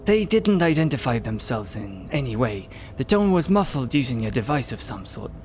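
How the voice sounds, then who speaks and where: A man reading aloud as a calm, reserved male police lieutenant, giving a case briefing in a measured, dry way. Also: medium pitch, slight background noise, lightly acted. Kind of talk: reading game dialogue aloud.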